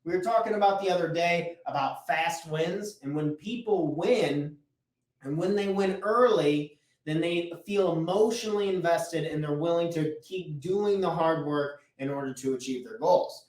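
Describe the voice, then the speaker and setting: A man's voice: on the high side, moderate pace, a little mellow. A man giving a motivational talk as a business coach. He speaks casually and bluntly, swears a little, and repeats key points for emphasis. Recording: echoey room, mic at a distance.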